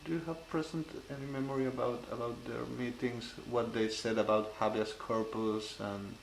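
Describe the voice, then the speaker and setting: Man asking halting questions. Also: mid-range voice, steady tone, vocal fry. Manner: halting questions with frequent restarts. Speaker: interviewer. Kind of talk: oral history interview. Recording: echoey room with faint hiss.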